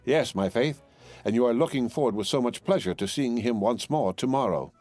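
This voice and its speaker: A man's voice: medium pitch, animated, a little fast, darkish tone, no room sound, soft background music, pitched above the performer's own voice, lightly acted. A man reading an audiobook and voicing an amiable, teasing revolutionary woman.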